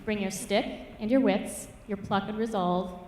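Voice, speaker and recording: A woman reads a rhyming fable aloud in a lilting, expressive rhythm. Her voice carries through a church hall with long reverb, caught from a distance over a faint hum of room ambience. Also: medium pitch, moderate pace. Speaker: writing mentor. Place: church hall at a public reading. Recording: echoey church hall from far off.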